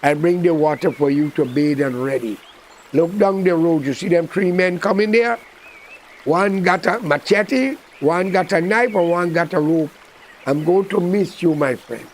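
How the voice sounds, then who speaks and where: A man's voice: fairly high pitch, measured pace, slight background noise, pitched below the performer's own voice, lightly acted. A man with a Guyanese accent voicing a weary, loyal male donkey who warns his friend. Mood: sorrowful.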